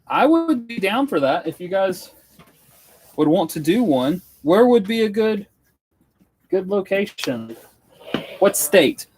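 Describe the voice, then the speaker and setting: A man's voice: high-pitched, big pitch swings, slow pace, pauses often, a little mellow. Rambling man chatting on a live stream. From Western North Carolina. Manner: rambling, earnest, self-interrupting. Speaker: woodworking YouTuber on a live stream. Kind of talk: casual live-stream chat. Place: indoor studio workspace.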